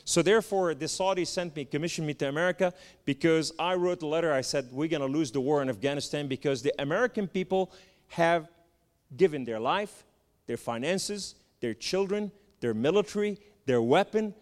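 A man from the Middle East giving a spoken testimony, telling his story with animated, emphatic lists. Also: a little high, normal speed. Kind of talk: testimony sermon. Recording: long hall reverb.

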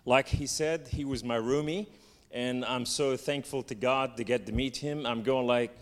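Lebanese-accented preacher in reverberant hall. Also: male voice, medium pitch, steady tone. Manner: halting, joking, repeats fillers like "and so therefore". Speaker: guest preacher. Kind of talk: sermon. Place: church sanctuary.

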